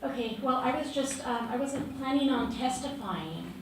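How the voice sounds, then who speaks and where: A woman activist giving unplanned testimony at a city council meeting. She is trembling and emotional, and she speaks haltingly with many fillers and restarts. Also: sits high, expressive. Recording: echoey council chamber from far off, with background noise.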